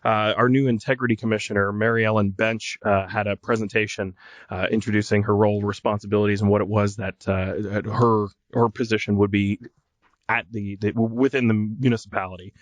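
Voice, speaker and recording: A man's voice: fairly low pitch, level tone, brisk, dry recording. A man co-hosting a local podcast in casual chat, joking and laughing often. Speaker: podcast co-host.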